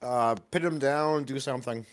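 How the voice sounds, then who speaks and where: A man's voice: medium pitch, moderate pace. A man playing a tabletop role-playing game, calling out rolls matter-of-factly. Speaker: player. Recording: noisy line.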